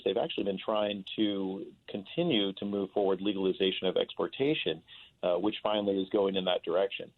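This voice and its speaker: A man rambles on as a guest in a loose, casual interview, his speech full of "uh" and "you know" fillers. His voice sits a little low. It comes through a thin, tinny phone line. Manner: talkative, rambling with many fillers.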